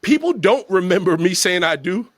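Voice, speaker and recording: A man's voice: high voice, moderate pace, no echo. A man hosting a podcast, telling a long story with lots of acted-out quotes. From New York. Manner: animated storyteller, acts out quotes. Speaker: podcast host. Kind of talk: casual storytelling interview.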